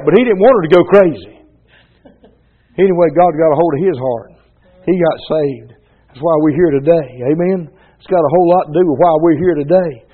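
A preacher with a high voice delivers a folksy, fervent sermon to his church, with loose colloquial grammar and "Amen" calls. The recording is dull and lo-fi. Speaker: pastor.

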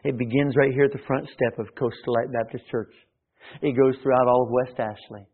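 A man's voice: mid-range voice, fairly even intonation, fairly quick. Tinny-sounding preacher man. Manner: preaching with sudden swells in volume and many restarts. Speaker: pastor. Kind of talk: sermon.

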